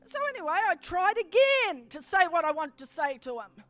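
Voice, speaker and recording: A woman preacher telling a story in a sermon, building to emphatic, forceful swells as she preaches. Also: extremely high pitch, big pitch swings, moderate pace, no room sound, soft background music.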